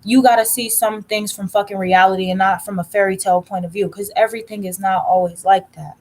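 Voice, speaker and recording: A woman tarot reader talks casually to her viewers in a blunt, cussing rant. Her voice sits at an ordinary middle pitch, and she stretches out words when she wants to hammer a point home. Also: fairly even intonation, a little fast. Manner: blunt, profane, ranting storyteller. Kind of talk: casual livestream chat.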